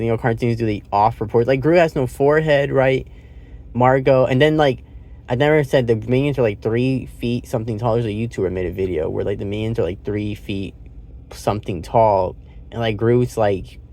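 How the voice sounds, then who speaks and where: A man's voice: lowish voice, darkish tone. A man talking through a movie review in a casual, rambling way, swearing now and then and laughing often.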